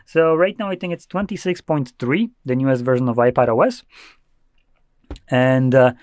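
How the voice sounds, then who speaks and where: Young man, casual screen-tutorial host, mid-pitched, dry close sound, offhand and blunt. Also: steady tone, moderate pace, darkish tone, no echo. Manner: loose, offhand, blunt asides. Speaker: tech tutorial presenter.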